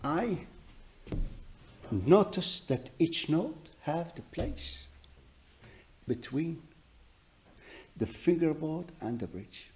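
Slow, halting man teaching a masterclass. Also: on the high side, a little hiss or hum. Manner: halting, searching for words, frequent restarts; animated, emphatic storytelling. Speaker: double bass teacher leading a masterclass. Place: music college teaching room.

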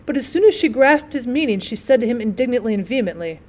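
A woman teacher reading a classic short story aloud in an expressive, steady storytelling manner. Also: fairly high pitch, fast talker, hardly any pauses.

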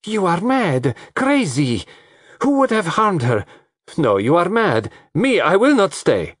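A man reading aloud, voicing an excitable foreign woman in shrill, agitated outbursts. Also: measured pace, husky, no room sound, studio quality, full character voice.

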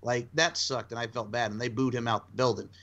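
Male co-host, bright edgy tone, excitable rambler in casual banter. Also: medium pitch, brisk, lo-fi sound. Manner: excitable, rambling wrestling fan talk. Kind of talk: casual podcast chat.

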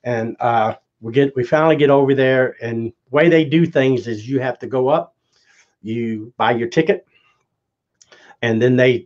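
Male guest, casual storyteller, mid-pitched, muffled lo-fi audio. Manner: rambling anecdote with restarts and acted quotes. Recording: dull lo-fi audio.

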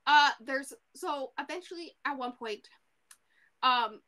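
A woman co-hosting a podcast, casually recapping a book in an animated way, full of fillers and the odd swear. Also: sits high, slow pace. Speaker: podcast co-host.

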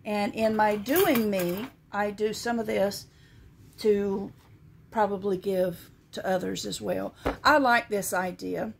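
A woman's voice: medium pitch, fairly even intonation, slow, creaky, a little hiss or hum. A woman with a Southern American accent, chatting in a homespun way as she shows things to her viewers and reads scripture aloud. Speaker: vlogger. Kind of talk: casual show-and-tell vlog.

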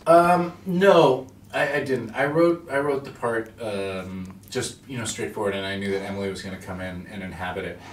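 A low-pitched man rambles through jokey anecdotes, acting out the lines of the people in them. He sounds set back from the mic in a reverberant room, with faint background noise. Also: normal speed, hardly any pauses. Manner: rambling, jokey storyteller who acts out quotes. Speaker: actor and screenwriter guest. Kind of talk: casual interview chat. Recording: echoey room, distant mic, light noise.

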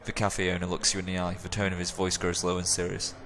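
A man hosting a let's play, reading a video game's narration aloud at a steady pace. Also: deep voice, fast, few pauses, slight background noise.

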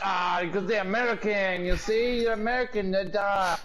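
Guy trash talking on game voice chat, high voice, guns going off behind him. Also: steady tone, normal speed, a little hiss or hum. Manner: taunting, shouting insults mid-fight. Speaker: other player in game voice chat. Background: gunfire.

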